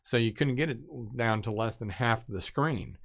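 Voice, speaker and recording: A man's voice: mid-range voice, moderate pace, a bit bright. A man streaming who chats casually, rambling through a story of a mishap in loose run-on asides. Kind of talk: casual chat.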